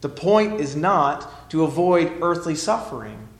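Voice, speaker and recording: A male pastor preaching a sermon emphatically, swinging between loud declarations and hushed lines. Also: a little high, a little slow, reverberant.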